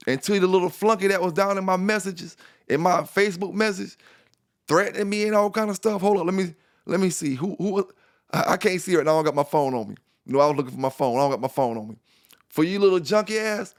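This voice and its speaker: Male vlog host, slightly higher voice, combative repetitive rant. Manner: confrontational, repetitive, calls out rivals with laughs. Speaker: dog news channel host. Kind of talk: casual ranting monologue.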